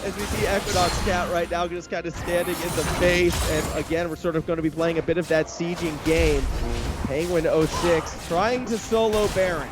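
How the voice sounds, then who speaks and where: A young man calls a live esports match in a chatty, analytical way, his voice sitting a little high. He speeds up as the action heats up. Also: steady tone, moderate pace, over loud music. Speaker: esports caster. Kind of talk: live game commentary.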